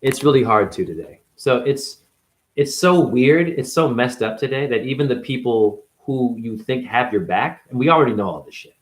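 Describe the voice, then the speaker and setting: A man's voice: medium pitch, animated, moderate pace, echoey room, poor audio. A man, a former ballet dancer, delivering an unscripted, blunt and profane monologue in his apartment.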